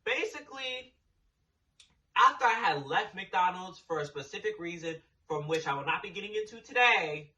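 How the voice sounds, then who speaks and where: A man's voice: high voice, animated, moderate pace, bright, forceful tone, recorded from a distance, muffled recording. A young man telling a storytime in a blunt, sassy way, swearing freely. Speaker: storytime vlogger. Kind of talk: casual storytime.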